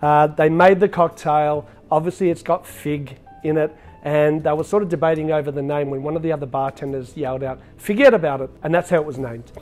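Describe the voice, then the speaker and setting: Chatty upbeat male bartender, slightly high voice. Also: steady tone, a little fast, a little mellow. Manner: chatty, upbeat, with frequent filler words. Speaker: bartender and show host. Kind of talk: casual cocktail demonstration.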